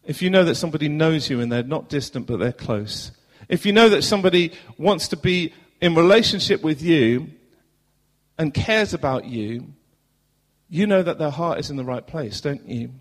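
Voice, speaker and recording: Southern English pastor in a reverberant church. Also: male voice, a little high, animated, moderate pace. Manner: earnest, rhetorical questions, swings between loud and hushed. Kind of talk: sermon. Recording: long hall reverb.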